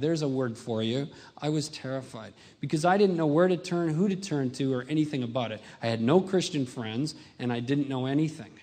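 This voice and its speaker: Male speaker, testimony talk, animated storyteller, long hall reverb. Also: medium pitch. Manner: storytelling, acts out his past self in raised voice.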